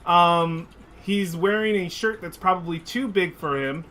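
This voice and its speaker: A man's voice: high voice, unhurried, pushed and bright. A man narrating as dungeon master, giggly and full of fillers and restarts. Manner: giggly, many fillers and laughs. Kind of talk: narrating a tabletop game.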